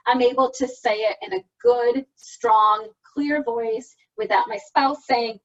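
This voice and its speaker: A woman's voice: high-pitched, animated, normal speed, few pauses. A woman speech therapist presenting to an online support group, explaining exercises patiently, step by step, over a video call. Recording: dull lo-fi call audio, from a distance.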